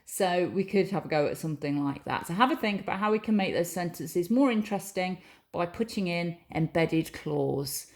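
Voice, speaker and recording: A woman's voice: fairly low pitch, expressive, normal speed, a little mellow. A woman teacher giving a recorded lesson, patiently reading example sentences aloud and explaining each one.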